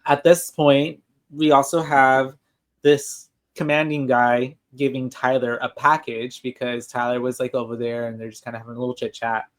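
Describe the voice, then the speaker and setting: Man, podcast co-host, casual rambling film recap, mid pitch. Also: flat delivery, normal speed. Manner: rambling, many fillers and restarts. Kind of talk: casual movie recap chat.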